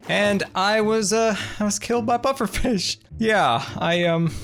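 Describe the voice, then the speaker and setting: A man hosting a casual gameplay video, thinking aloud and squealing high in panic when things go wrong. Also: slow, fairly bright tone, soft background music. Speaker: Minecraft let's play host.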